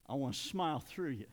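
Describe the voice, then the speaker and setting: A man's voice: medium pitch, big-room sound. An older man preaching a sermon in a church, folksy and confessional, building to emphatic points. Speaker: pastor. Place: church sanctuary.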